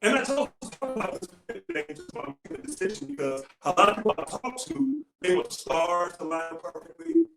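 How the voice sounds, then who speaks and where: A man giving a heartfelt motivational talk, telling a personal story with earnest, dramatic pauses. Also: very high-pitched, sing-song, vocal fry, pushed and bright, soft background music. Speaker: motivational speaker. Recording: roomy echo.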